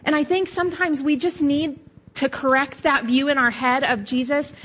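A woman's voice: high-pitched, fairly even intonation, normal speed, fairly bright tone, poor audio. Conversational woman preaching a sermon. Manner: conversational, storytelling with quoted voices. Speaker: pastor.

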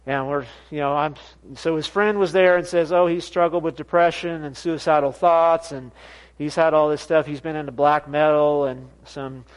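A man's voice: fairly high pitch, normal speed, clean tone. A man preaching in a church, telling a story with laughs and acted-out quotes. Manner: animated, laughing storyteller who acts out quoted voices. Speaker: pastor. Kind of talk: sermon with storytelling. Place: church sanctuary.

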